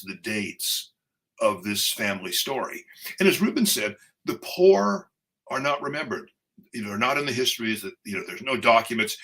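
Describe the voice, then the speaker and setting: An older man, a poet, telling a personal story in conversation, animated and full of fillers and restarts. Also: mid-range voice, rough recording.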